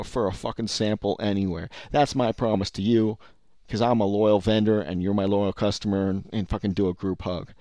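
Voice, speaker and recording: A man's voice: fairly low pitch, level tone, normal speed, mellow, no room sound, clean studio sound. A man giving ranting commentary on the vape business, rambling and profane with many restarts.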